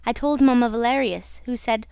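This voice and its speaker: A woman's voice: a little high, normal speed, creaky, a little mellow, clear, resonant tone, no room sound, clean studio sound. A woman voicing Christine, a tender young singer. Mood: confiding. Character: young female opera singer, earnest and tender.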